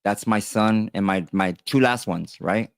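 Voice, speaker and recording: A man's voice: on the low side, measured pace, creaky, no room sound. A man in his thirties, a tattoo artist, telling a personal story in a casual, rambling monologue, full of fillers and restarts, talking straight to his viewers. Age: 30s.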